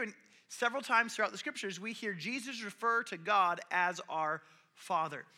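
A man's voice: sits high, sharp tone. A young man giving a conversational sermon, telling stories and acting out the people in them. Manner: conversational and storytelling, acts out quoted voices. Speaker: preacher.

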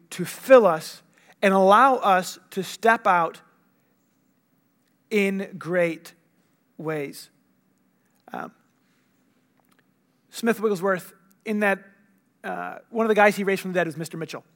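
Man, high-pitched voice, young adult, animated sermon storytelling. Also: takes it slowly, pauses often. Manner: animated storytelling, acting out dialogue. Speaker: preacher.

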